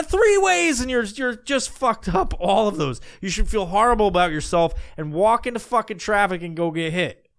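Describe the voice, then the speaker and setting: A man's voice: fairly high pitch, fairly bright tone, clear, resonant tone. A man hosting a podcast, delivering a crude, mocking rant full of swearing. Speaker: podcast host. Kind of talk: profane ranting podcast monologue.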